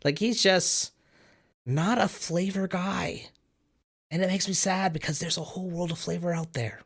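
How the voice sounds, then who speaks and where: A man co-hosting a casual podcast, telling family stories in an animated, lively way. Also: high voice, moderate pace, creaky. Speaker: podcast co-host.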